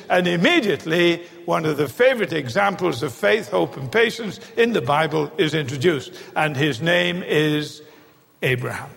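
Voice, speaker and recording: A man's voice: fairly high pitch, lively intonation, unhurried, vocal fry, fairly bright tone. A man preaching a sermon, emphatic, repeating key phrases for stress, recorded in a large church hall. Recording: long hall reverb.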